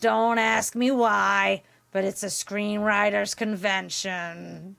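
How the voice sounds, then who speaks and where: A woman puts on the voice of a sour, slow old female monster. The sound is low and gravelly with a nasal pinch, and each word is drawn out in a flat drawl. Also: exaggerated voice. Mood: deadpan. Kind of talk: reading game dialogue in a put-on voice.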